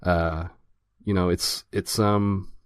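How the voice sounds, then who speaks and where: A man's voice: low-pitched, flat delivery, slow, clean tone, dry recording, studio quality. A man co-hosting a casual film review podcast, talking hesitantly with many fillers and restarts. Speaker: podcast co-host.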